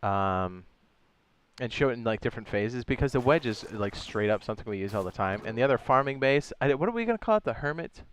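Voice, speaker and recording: A male game streamer talks to his chat in a relaxed, rambling way and drops slangy asides. His voice is smooth and clear at a middle pitch. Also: fast talker. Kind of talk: casual livestream chat.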